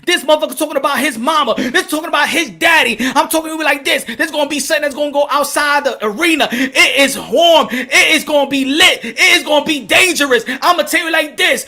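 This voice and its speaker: A man giving an animated, profane boxing commentary rant, with hype-man shouting bursts and a lot of laughter. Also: very high voice. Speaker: boxing vlogger.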